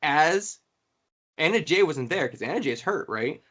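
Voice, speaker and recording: A man co-hosting a casual podcast chat, retelling moments with excitement and energy. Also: fairly high pitch, a little slow. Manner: excited storytelling, acts out quotes. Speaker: podcast co-host.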